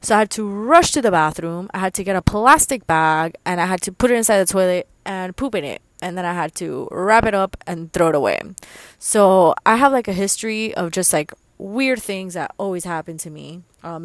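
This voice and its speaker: Casual solo vlog host: a young woman with a lowish voice, crude and rambling, heavy on fillers. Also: normal speed, no echo. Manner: rambling and profane, with lots of fillers. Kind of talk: casual storytelling monologue.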